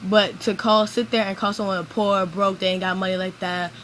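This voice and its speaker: A woman talks straight to camera in a loose, rambling rant, circling back and restarting her sentences. Her voice sits at an ordinary middle pitch. A faint hiss of background noise runs under her words. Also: flat delivery, normal speed, fairly bright tone, rough recording. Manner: rambling, venting, heavy use of "like". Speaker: vlogger. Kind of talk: ranting vlog monologue.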